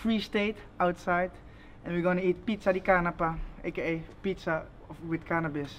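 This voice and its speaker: A young man hosting a travel vlog, talking to camera in a relaxed, chatty way with loose phrasing. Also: sits high, fairly quick, a little hiss or hum. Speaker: travel vlogger host. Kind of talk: casual vlog narration to camera.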